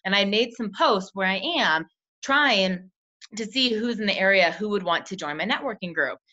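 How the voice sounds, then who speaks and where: A young woman, a team leader, coaching sales recruits in a chatty way, acting out quick bits of dialogue. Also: medium pitch, pushed and bright. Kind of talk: coaching call talk. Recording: dull lo-fi call audio.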